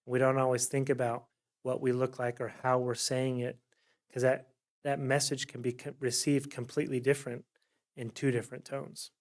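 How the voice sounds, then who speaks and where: A man's voice: mid-range voice, a little mellow. A man leading a workshop presentation at a city council meeting, talking in a chatty way and often checking in with "right?". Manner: chatty, keeps asking "right?". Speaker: workshop facilitator. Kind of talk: conversational presentation.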